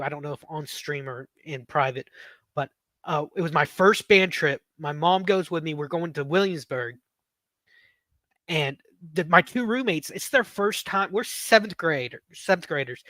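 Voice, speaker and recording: A podcast host tells rambling stories in casual conversation, constantly interrupting himself. His slightly high voice sounds pushed and bright, with no room sound.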